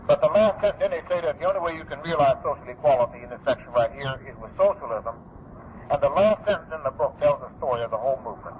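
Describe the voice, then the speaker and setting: A man's voice: medium pitch, animated, fast. A middle-aged man giving an emphatic, repetitive public lecture, preserved on an archival recording. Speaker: speaker. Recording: dull lo-fi archival recording with faint noise.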